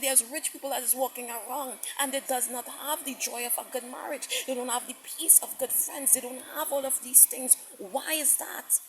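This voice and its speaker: A woman's voice: high voice, slight background noise, rough recording. A woman preaching a sermon message with passion, repeating herself, stammering into restarts and quoting God at length. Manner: impassioned, repetitive, quotes God at length.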